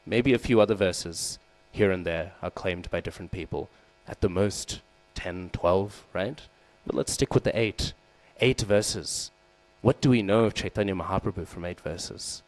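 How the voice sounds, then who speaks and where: At a moderate pace with hardly any pauses, a devotional class speaker teaches scripture in a temple hall, often asking "hmm?" and "right?" of his listeners. He raises his voice to act out quoted lines, and the rough recording has a low mains hum behind it.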